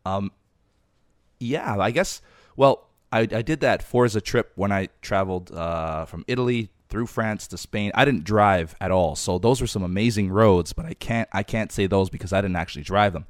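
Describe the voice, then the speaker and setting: A man hosting a podcast, talking softly because he is losing his voice, in a casual, rambling chat. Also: fairly low pitch, normal speed, no room sound, clean studio sound. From Canada. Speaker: podcast host.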